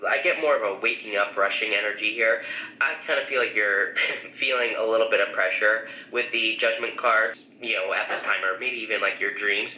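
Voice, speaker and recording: Man, tarot reader, low voice, very bright and forceful tone, echoey room. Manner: musing, hesitant, with fillers. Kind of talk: tarot reading. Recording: roomy echo with faint background noise.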